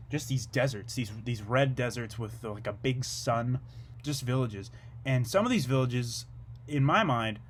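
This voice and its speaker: A young man delivering a rambling, absurd comedic monologue in a low-key, deadpan way, drifting from one tangent to the next. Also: breathy edge.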